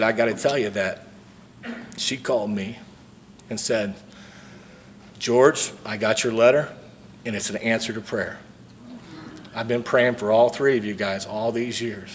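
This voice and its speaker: A man's voice: fairly low pitch, a little hiss or hum. A man speaking from a podium at a recovery convention, telling his story earnestly and acting out the dialogue. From St. Louis, Missouri.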